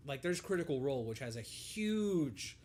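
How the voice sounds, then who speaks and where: A young man co-hosts a podcast, chatting in a relaxed way, swearing freely and laughing often. His voice is a little high and his pace moderate.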